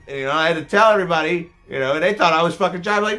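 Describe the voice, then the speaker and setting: A man's voice: a little high, rapid-fire, few pauses, bright, forceful tone, soft background music. A man vlogging, telling rambling, profane stories about his work as a scare actor. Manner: rambling, profane, self-mocking. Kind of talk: casual storytelling to camera.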